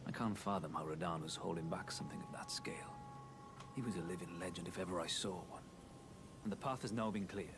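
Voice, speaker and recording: An actor playing a loyal, gruff half-wolf male warrior in video game dialogue, speaking in an earnest, admiring, measured way. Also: low voice, over music, close to an everyday voice. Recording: game audio under noise.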